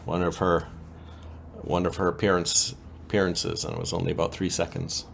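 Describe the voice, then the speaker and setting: A man co-hosting a podcast, recapping soap opera episodes in a casual, animated way with frequent ums. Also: deep voice, moderate pace, gravelly, slight background noise. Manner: lively, animated retelling with many ums.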